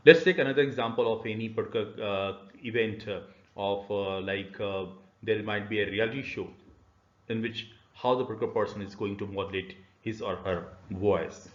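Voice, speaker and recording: A man's voice: lowish voice, steady tone, normal speed. A man giving a recorded university e-learning lecture, explaining patiently with many "uh" fillers. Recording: roomy, slightly dull lecture recording.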